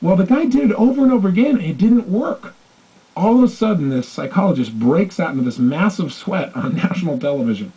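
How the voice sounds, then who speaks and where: A man giving a motivational talk, telling stories with animated delivery and acting out the voices of the people in them. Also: high voice, a little fast, slightly rough. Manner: animated, acts out quoted voices. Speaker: motivational speaker. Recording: dull lo-fi recording.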